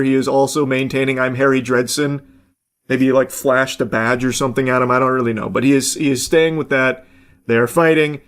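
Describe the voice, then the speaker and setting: A man reacting to a clip in casual, rambling commentary, swearing freely and filling gaps with "like" and "uh". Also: mid-range voice. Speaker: commentary YouTuber.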